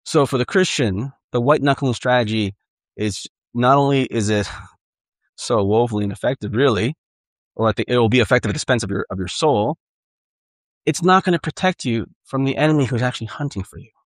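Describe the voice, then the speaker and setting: A man's voice: mid-range voice, brisk, no room sound. A man preaching a sermon in an earnest, conversational way, often repeating and restarting phrases. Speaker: pastor.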